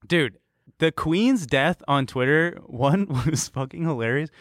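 A man co-hosting a relaxed podcast chat, joking around and cursing often. His pitch swings all over the place and sits a little high. The sound is close and dry, with no room in it. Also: unhurried, no room sound. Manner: joking, swears freely, lively delivery. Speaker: podcast co-host. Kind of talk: casual chat.

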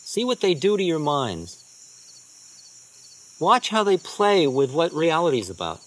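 A man, a spiritual teacher, telling unhurried rambling anecdotes with soft trailing asides. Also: fairly high pitch, huge pitch swings. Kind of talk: storytelling talk.

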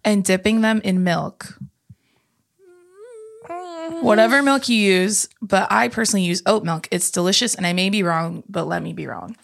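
A woman's voice: mid-range voice, normal speed, gravelly, a little hiss or hum. A woman co-hosting a casual chat podcast, laid-back and agreeable, reading listener messages aloud. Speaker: podcast co-host.

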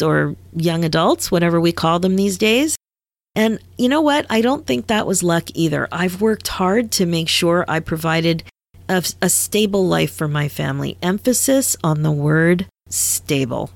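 A woman in her fifties hosts her own podcast, sharing a personal story with a candid, conversational manner and easy laughter. Her voice sits on the low side with a gravelly edge. The recording is dry and close to the mic. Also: lively intonation, normal speed, no echo. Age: 50s. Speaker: podcast host and midlife coach.

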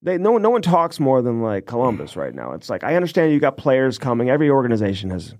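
Rambling, profane podcast host, dry sound. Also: male voice, medium pitch, very animated, fast talker, darkish tone, no echo. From St. Louis area. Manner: rambling, profane, many restarts. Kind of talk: casual sports chat.

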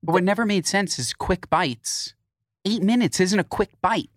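A man co-hosting a podcast, chatting casually and joking with quick asides. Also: high voice, no echo, studio quality. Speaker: podcast co-host. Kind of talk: casual chat.

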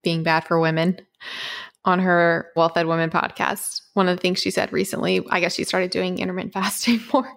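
A woman's voice: lowish voice, flat delivery, a little fast, gravelly. A woman co-hosting a podcast in casual chat, talking in a rambling way with many fillers. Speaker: podcast co-host.

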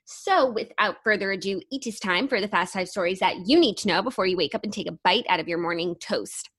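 A woman's voice: medium pitch, fairly quick, fairly bright tone, breathy edge. A woman co-hosting a podcast over a video call, chatting in a playful, casual way. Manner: playful, breaks into a silly rap. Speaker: podcast co-host. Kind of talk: casual chat.

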